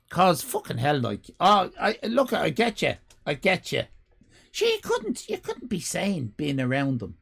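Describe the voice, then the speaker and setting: A man's voice: a little slow, vocal fry, slightly rough. An Irish man live-streaming, reading out chat and ranting comically, swearing freely. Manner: animated comic ranting, swears freely, big pitch jumps.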